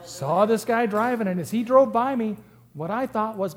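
A man delivers a sermon in a church with a somewhat high voice. He talks in a conversational, humorous way and lets his volume rise and fall sharply for emphasis. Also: moderate pace. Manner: humorous, conversational, lively swings in loudness. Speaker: pastor.

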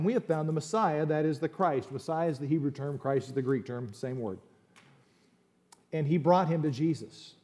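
A man preaching a sermon, conversational and animated, with opinionated asides while reading scripture aloud. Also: fairly high pitch. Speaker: pastor.

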